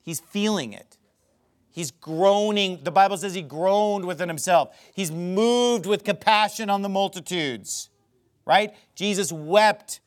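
A man preaching a sermon, speaking emphatically and rising into loud dramatic quotations of scripture. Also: sits high, a little slow.

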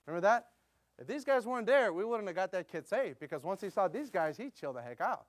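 This is a middle-aged missionary preacher from the United States who tells a story from the pulpit. He speaks quickly and with plenty of energy, and he keeps calling out to his congregation. His voice sits a little high for a man. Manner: animated, quick storytelling with audience call-outs. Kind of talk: storytelling sermon.

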